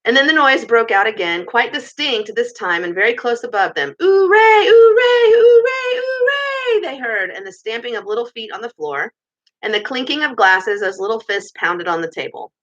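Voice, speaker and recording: A woman reading a children's novel aloud in a lively way, with chatty asides, in a muffled recording. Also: medium pitch, fairly quick. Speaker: storybook reader.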